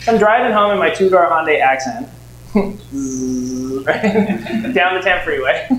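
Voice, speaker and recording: A high-pitched man in his forties tells animated stories to a seminar audience and acts out dialogue in lively voices. His voice rings in an echoey room. A faint hum of noise sits behind him. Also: slow pace, long pauses. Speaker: real estate investing trainer. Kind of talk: storytelling lecture to a live audience.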